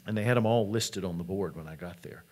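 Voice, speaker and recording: Low-voiced man telling a story on stage. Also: fast talker, darkish tone. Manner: storytelling, conversational. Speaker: college president. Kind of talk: conference keynote talk.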